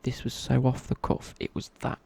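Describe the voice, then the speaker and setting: A man's voice: moderate pace, a little mellow. A young man telling a rambling casual story in a whispered ASMR chat. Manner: rambling, casual, many fillers and restarts. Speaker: ASMR creator.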